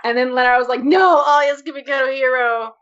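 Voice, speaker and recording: Gushing fast-talking podcast woman. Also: high-pitched, fairly even intonation, fairly bright tone, clean tone. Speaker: podcast co-host. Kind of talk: casual chat. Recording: dull lo-fi podcast audio.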